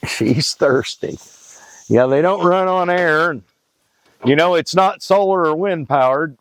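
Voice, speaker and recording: A man's voice: a little high, slow, a bit bright, dry recording, low-quality recording. A middle-aged man talking casually outdoors in the woods, folksy and joking, rambling between stories about his hunting club. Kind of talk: casual outdoor vlog talk.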